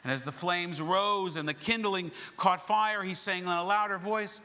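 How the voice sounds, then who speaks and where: A man narrates a story with dramatic, expressive turns and then leads prayers. His voice is bright and a little high, and the long echo of a sanctuary surrounds it. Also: normal speed. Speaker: service leader. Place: synagogue sanctuary. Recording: reverberant sanctuary recording.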